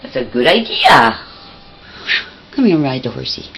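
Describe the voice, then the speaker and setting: A woman's voice: a bass voice, sing-song, normal speed, vocal fry, over music. A woman filming her pet at home on a handheld camcorder, coaxing and praising it in cooing baby talk. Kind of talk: home video chat with a pet.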